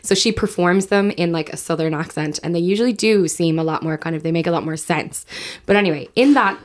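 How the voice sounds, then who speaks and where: A woman hosts a casual podcast in a playful, jokey way. Her voice sits a little low and she often laughs through her lines. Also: brisk. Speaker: podcast host. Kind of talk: casual chat.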